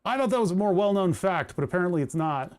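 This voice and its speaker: A young man, talking casually on a live stream while soldering. His voice sits a bit higher than most men's, and he rambles and doubles back, talking to his chat as he works. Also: lively intonation, fast. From United States. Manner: rambling and chatty, with restarts and asides to chat.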